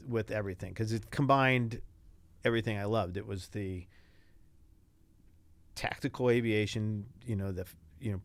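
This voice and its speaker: Older male guest, gravelly and low, storyteller who acts out quoted voices, dry close mic. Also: no room sound. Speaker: guest, retired Navy pilot. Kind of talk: casual interview storytelling.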